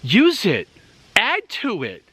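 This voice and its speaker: This outdoor gear vlogger, a Massachusetts man, is winded from hiking through the woods as he gives viewers a casual, rambling tour and talks right to them. He speaks slowly in a high, husky, sharp voice whose pitch swoops wildly, with no room sound.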